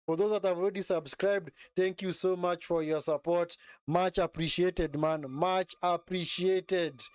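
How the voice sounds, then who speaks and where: Speaking at normal speed, a man gives excitable live football commentary and chat on his stream, repeating himself and closing lines with a questioning "eh?". His slightly high voice is smooth and clear, and the recording is close and dry with no room behind him.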